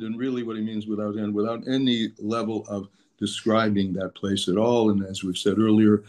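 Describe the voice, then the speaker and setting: Man, lowish voice, patient teacher glossing pronounced terms in English. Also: a little mellow. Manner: explanatory, repeats and restates terms, mixes Hebrew terms into English. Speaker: Torah teacher. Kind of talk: daily text lesson.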